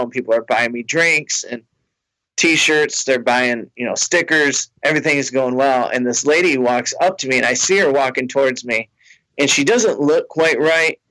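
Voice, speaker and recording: A man's voice: medium pitch, bright, forceful tone, dry recording, poor audio. A man and comedian telling a story in a rambling, self-mocking way, laughing between lines. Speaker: comedian, podcast host. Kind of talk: casual storytelling.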